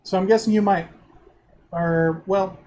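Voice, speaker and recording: A man running a tabletop role-playing game, talking in a rambling, halting way full of fillers. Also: high voice, fairly even intonation, darkish tone. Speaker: game master.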